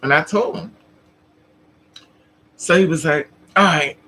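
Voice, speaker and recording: Telling a story to her live chat, a trans woman vlogger speaks slowly in a voice that sits low, a bit bright, with a breathy edge. She's chatty, laughs a lot, and plays out other people's lines, all on a low-quality recording.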